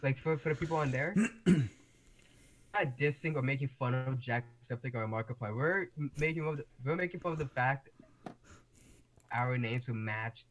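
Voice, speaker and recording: A man's voice: medium pitch, normal speed, long pauses, fairly bright tone, a little hiss or hum, low-quality recording. A man co-hosting a casual online podcast, talking hesitantly with stumbling restarts. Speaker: podcast co-host. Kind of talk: casual chat.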